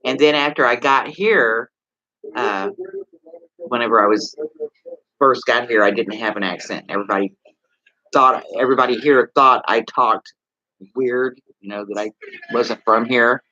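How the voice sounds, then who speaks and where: A man's voice: medium pitch, a little slow, pauses often, sharp tone, no echo, highs cut off. A man with a Texas accent chatting casually to viewers on a livestream, rambling and asking them questions. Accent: Texan. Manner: rambling, talks straight to viewers with many questions. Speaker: livestream host.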